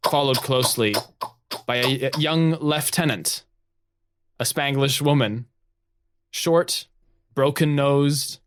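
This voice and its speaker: A man's voice: medium pitch, clean tone. A man co-hosting a storytelling podcast narrates an improvised adventure. He takes his time, keeps it loose, and laughs often. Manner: laughs often, relaxed and unhurried.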